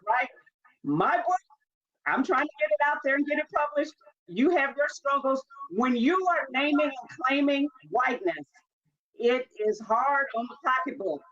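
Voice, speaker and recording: A woman author speaking as a talk show guest, her fairly high voice insistent and emphatic. She hammers home her points by repeating them. The audio comes through dull and lo-fi, like a remote link. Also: a bit bright. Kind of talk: interview answers.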